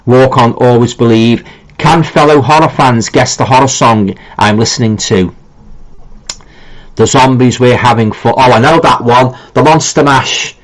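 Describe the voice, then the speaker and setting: A man's voice: mid-range voice, fairly even intonation, a little slow, rough recording. A middle-aged man with a Liverpool accent hosting a live stream, chatting casually and reading out viewer comments, rambling with lots of ums and restarts. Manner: easygoing and informal, with colloquial phrasing.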